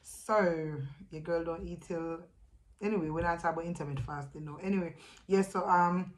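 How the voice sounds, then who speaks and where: Jamaican woman vlogging about her family, kinda low voice, stops and restarts a lot, emotional. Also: steady tone, slight background noise, rough recording. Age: adult with a young son. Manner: halting, emotional, with many restarts. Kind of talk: personal storytelling vlog.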